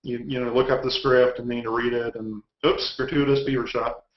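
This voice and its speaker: A man's voice: medium pitch, little pitch movement, brisk. Wry Texan man on an echoey call. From Texas. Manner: wry, rambling anecdotes with restarts. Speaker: guest author. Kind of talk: casual chat. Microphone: video call. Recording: echoey, dull lo-fi web call.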